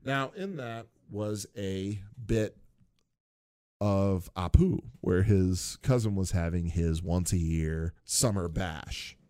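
A man's voice: low voice, takes it slowly, dark tone, clear, resonant tone, dry recording, clean studio sound. A man in casual chat, animatedly retelling cartoon scenes, laughing often and mimicking characters.

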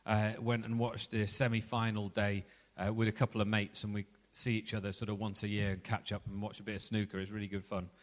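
A man's voice: on the low side, little pitch movement, a little fast, in a large hall. A middle-aged man preaching a sermon in a conversational way, asking reflective questions.

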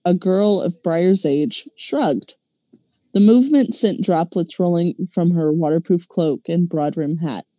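A woman reads a novel passage slowly and carefully, stumbling now and then with a slight stutter. Her voice is dark and mellow, sitting a little low, and the sound is dry and muffled. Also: dry recording. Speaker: podcast co-host reading an excerpt. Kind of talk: reading a novel excerpt aloud.

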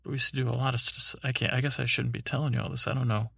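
A man voicing a mellow, mumbling superhero in a sleepy bedtime story. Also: little pitch movement, very fast, vocal fry, husky, dry recording, clean studio sound. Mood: flat. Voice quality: mumbling, low-key.

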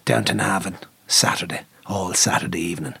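A middle-aged man telling an animated story in casual chat, swearing freely and acting out what people said, swinging from low mutters to loud outbursts. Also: brisk, vocal fry, breathy edge, dry recording.

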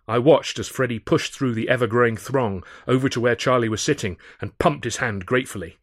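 A man, the author, giving a measured first-person audiobook narration. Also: mid-range voice, dry recording, studio quality.

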